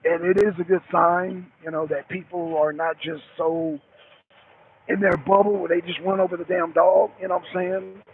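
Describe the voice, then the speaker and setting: Calling into a talk show on a tinny, faintly hissing phone line, the middle-aged truck driver speaks in a high-pitched, creaky, level tone at a moderate pace. He rambles repetitively and curses heavily.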